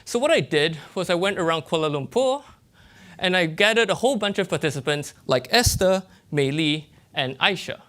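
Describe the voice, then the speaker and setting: A young man with a Malaysian English accent, giving a lively, explanatory TED-style talk as a graduate student presenter and checking in with his audience. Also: sits high, moderate pace.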